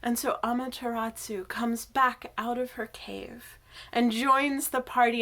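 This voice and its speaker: A woman, a worship associate, telling a myth in a church service, animated and often dropping to a whisper. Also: on the high side, unhurried.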